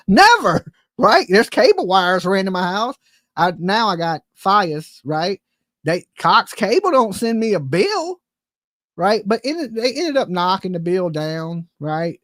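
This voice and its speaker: A woman's voice: medium pitch, very animated, a little slow, fairly bright tone, no echo. A woman ranting in casual chat, profane and exasperated, rambling with frequent restarts. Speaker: livestream host. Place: home.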